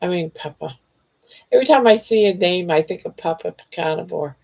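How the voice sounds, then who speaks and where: An older woman hosting a casual livestream chat, reading viewer comments in a gentle, reassuring way while hoarse from losing her voice. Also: fairly low pitch, expressive, brisk. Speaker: livestream host. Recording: dull lo-fi livestream audio.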